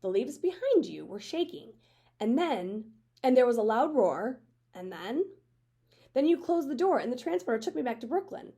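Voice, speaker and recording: A woman's voice: fairly high pitch, sing-song, normal speed, mellow, pitched above the performer's own voice. A woman voicing an eager, earnest young boy apprentice in a read-aloud of a children's book.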